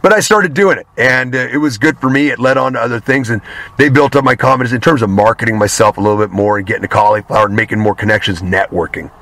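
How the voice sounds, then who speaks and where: Bright-voiced man, candid and rambling. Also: medium pitch, quick pace. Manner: candid, rambling, swears casually. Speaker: guest, pro wrestler. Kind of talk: casual interview talk.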